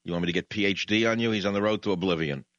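A man's voice: lowish voice, racing, fairly bright tone, no echo, muffled recording. A male talk radio host delivering a rambling, sardonic, combative monologue.

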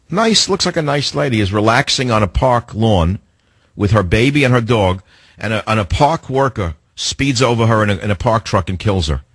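Combative husky-voiced talk radio host. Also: male voice, mid-range voice, no echo. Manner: combative, sarcastic, rhetorical questions. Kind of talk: political talk radio monologue.

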